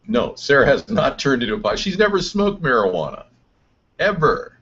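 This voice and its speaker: A man hosting a live chat show, speechifying like a mock political candidate and swinging between booming lines and muttered asides. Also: sing-song, normal speed, a bit bright, husky. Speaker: show host. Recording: dull lo-fi stream audio.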